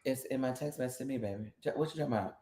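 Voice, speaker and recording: A man's voice: medium pitch, very fast. A man co-hosting a live stream in playful, teasing casual chat. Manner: playful, teasing, animated banter. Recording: roomy echo.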